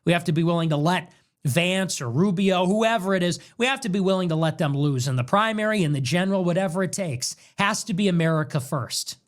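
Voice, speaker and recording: A man's voice: high-pitched, animated, brisk. A young man hosting a livestream, ranting in an angry, indignant, preaching monologue. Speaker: political livestream host.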